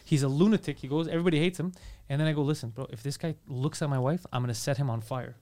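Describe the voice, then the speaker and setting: A man telling a story in casual podcast chat, animated and profane, acting out what people said. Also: a little high, racing, a little hiss or hum. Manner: animated, profane, acts out quotes.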